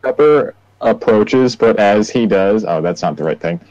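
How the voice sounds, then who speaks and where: A young man playing a tabletop game, tossing out joking asides. His voice is low. The sound is muffled and lo-fi, with no room echo at all. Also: expressive, a little slow, darkish tone. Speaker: player. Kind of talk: casual tabletop play. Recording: dull dry lo-fi mic.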